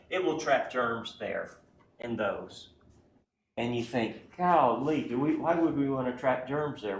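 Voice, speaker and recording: A man teaches a class in a relaxed, folksy way and often pauses to check that students follow. His voice sits at a middle pitch. It is picked up from across an echoey classroom, with faint room noise behind it. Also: distant mic. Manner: folksy, keeps checking in with "right?" and "okay?". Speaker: anatomy instructor. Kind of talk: classroom lecture.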